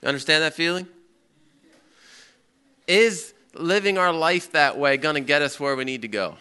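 A man teaching a Bible class in a lively way. He tells a story and keeps asking his listeners questions. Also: on the high side, moderate pace, clear, resonant tone. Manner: lively, asks the audience questions, acts out a story. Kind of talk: interactive sermon with storytelling.

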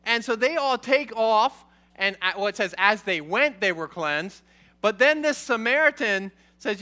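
A preacher leads an informal Bible lesson, reading a passage and unpacking it in a lively, conversational way while often checking in with his listeners. His voice is high-pitched and a little slow.

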